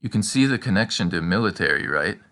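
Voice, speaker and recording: A man teaching a scripted language lesson, prompting the listener with questions and slowing down for the example sentences. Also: sits low, expressive, a bit bright.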